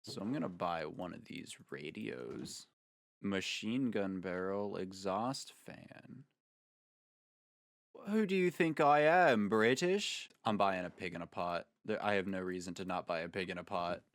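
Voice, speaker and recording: Guy doing laid back game commentary, kinda low voice, dry close sound, goofy little asides. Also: normal speed, gravelly, fairly bright tone, dry recording. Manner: jokey and rambling, with playful asides. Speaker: Minecraft video creator. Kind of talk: casual gameplay commentary.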